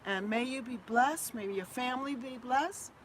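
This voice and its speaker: A woman from Boston, her fairly high voice moving at normal speed, greets viewers effusively and warmly on her live gardening stream and sings a little homemade jingle. A little hiss or hum comes through on the phone recording.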